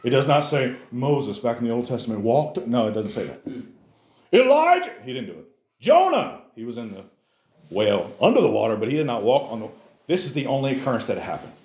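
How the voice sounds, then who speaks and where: A man preaching a casual, animated sermon in church, acting out characters in exaggerated voices and using youthful slang. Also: medium pitch, brisk, reverberant. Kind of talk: lively sermon.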